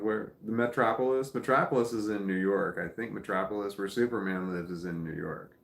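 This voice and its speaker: A man's voice: on the low side, echoey room. A man from Missouri with a Midwestern American accent, hosting a casual live chat, reading viewer comments aloud in a tired, rambling way with frequent chuckles. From Missouri, United States. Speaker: livestream host reading chat.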